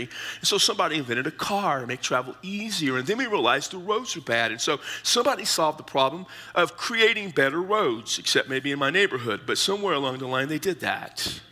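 A male pastor preaching a sermon, explaining scripture in short, measured phrases. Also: a little high, bright, forceful tone, slightly rough. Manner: explanatory teaching, pausing between short phrases.

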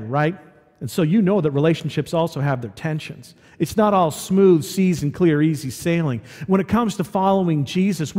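A male preacher gives a chatty sermon, asking his listeners questions as he goes. His voice sits high. A long reverb from the church hall trails behind him. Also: dark tone. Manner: conversational, asking the audience questions.

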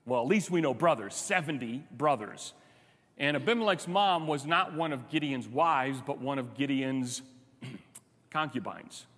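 Conversational male pastor in reverberant hall. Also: a little high. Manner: conversational, animated, rhetorical questions. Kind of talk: sermon.

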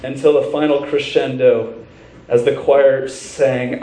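A man's voice: medium pitch, flat delivery, slow pace, dark tone, echoey room, recorded from a distance, slight background noise, rough recording. A man preaching a sermon as pastor, telling a story with earnest conviction and then leading a prayer.

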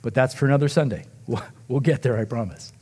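A man preaching a sermon as pastor, retelling the story dramatically, acting out the quoted voices and dropping to a near hush at emotional moments. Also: medium pitch, fast, husky.

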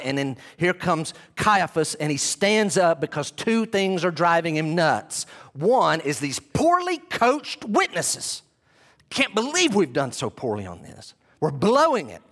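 A man preaching with animated storytelling, his voice sitting on the higher side. He talks directly to his congregation and builds the scene with vivid detail. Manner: animated storytelling, addresses listeners as "guys". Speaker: pastor. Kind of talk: sermon.

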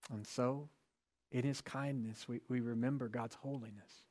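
A man's voice: medium pitch, fairly even intonation, moderate pace, a little mellow. A male pastor giving a sermon in a conversational way, with rhetorical questions and emphatic repetition.

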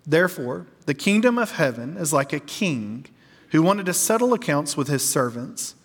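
Male pastor, slightly high voice, earnest sermon delivery, long hall reverb. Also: sing-song, slightly rough. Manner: earnest, slows down to stress key lines.

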